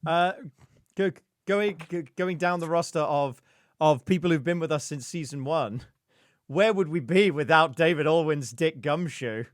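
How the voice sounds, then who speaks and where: Guy hosting a zoom stream, casual and sweary, slightly high voice, dry sound. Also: measured pace, no echo. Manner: loose, swearing, introducing guests with fillers. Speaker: host. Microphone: video call.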